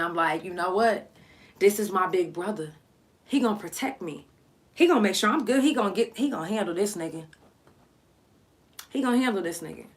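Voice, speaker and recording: A woman's voice: medium pitch, bright, forceful tone. A woman podcast host telling a personal story in a candid, blunt, emotional way.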